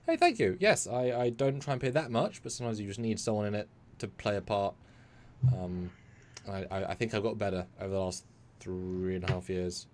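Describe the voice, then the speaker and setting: A British man co-hosting a casual live stream, talking in animated bursts and acting out little scenes. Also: lowish voice, fairly quick. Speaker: co-host.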